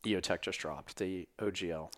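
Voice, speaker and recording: A man's voice: low voice, fairly even intonation, normal speed. A podcast host chatting loosely and rambling, swearing casually, his voice worn from an earlier recording. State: losing his voice. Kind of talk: casual chat.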